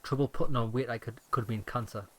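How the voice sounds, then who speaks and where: A man's voice: medium pitch, steady tone, fast, close to an everyday voice. Brief: frail bitter old soldier-deserter, grim and clipped, read by a man in a mid-range voice.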